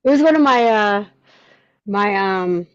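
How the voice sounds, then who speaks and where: A woman's voice: mid-range voice, measured pace. Chatty woman, slightly muffled call audio. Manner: apologetic, animated, rambling. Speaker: table read participant. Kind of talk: casual video call chat. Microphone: video call.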